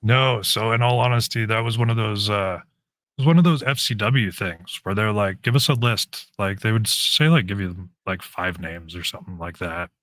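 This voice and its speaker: A man with a raspy voice, a guest telling stories casually in an interview and acting out the lines of people in them. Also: fairly low pitch, normal speed, no room sound. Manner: animated storyteller, acts out quoted lines.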